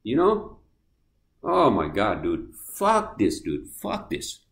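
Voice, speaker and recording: A man hosting a podcast, ranting angrily and swearing, swinging from loud outbursts to quiet apologies. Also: fairly low pitch, huge pitch swings, slow pace, roomy sound. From New Jersey, US. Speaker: podcast host. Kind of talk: heated podcast rant.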